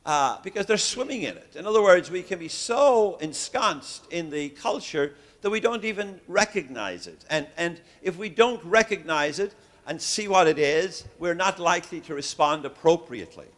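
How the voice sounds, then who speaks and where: An Irish man in the role of a visiting professor gives a lecture to a hall of religious educators. He is genial and likes to joke, and he often pauses with an "uh." His voice sits a little higher than most men's. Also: animated, fairly bright tone. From Ireland. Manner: genial and joking, with frequent "uh" hesitations. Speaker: visiting professor giving a keynote.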